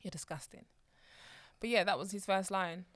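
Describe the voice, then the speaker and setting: A woman's voice: medium pitch, moderate pace, no room sound. A woman in her thirties co-hosting a casual podcast, chatty and mock-indignant, often laughing. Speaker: podcast co-host. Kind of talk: casual chat.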